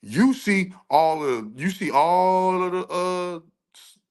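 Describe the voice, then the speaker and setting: A man's voice: sits high, expressive, slow, darkish tone, clear, resonant tone. A man hosting a livestream, talking intensely and emphatically, often repeating and restarting his phrases. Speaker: livestream host. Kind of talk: livestream rant.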